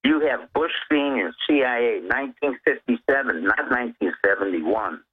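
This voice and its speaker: A man's voice: mid-range voice, expressive, normal speed, husky. A man calling in as a guest, laying out his points one by one in an emphatic, lecturing way. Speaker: phone-in guest. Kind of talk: emphatic political commentary. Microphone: telephone. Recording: tinny phone line.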